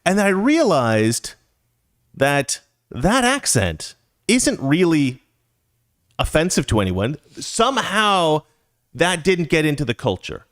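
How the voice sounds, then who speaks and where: A man's voice: on the high side, sing-song, slow, long pauses, fairly bright tone. A man hosting a show, telling a story in a casual, chatty way with jokey asides. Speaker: podcast host.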